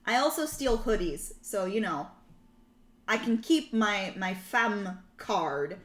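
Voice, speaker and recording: A woman's voice: medium pitch, lively intonation, slow, slight background noise. A young woman streaming a casual language lesson, chatty and rambling, laughing often between points. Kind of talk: casual live-stream chat. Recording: roomy echo.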